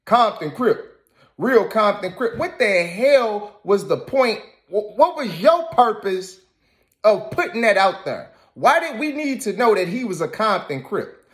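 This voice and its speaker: A man hosts a reaction commentary with a high, animated voice. He scolds his subject with emphatic repetition. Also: unhurried. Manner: scolding, emphatic, repeats phrases. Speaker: commentary host.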